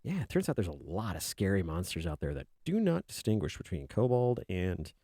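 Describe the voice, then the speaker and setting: Lively low-voiced man chatting jokily. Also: a little fast, no room sound, clean studio sound. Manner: rambling, joking, speaks as a kobold in his own voice. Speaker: art streamer. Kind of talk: casual stream chat. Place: indoors at a desk.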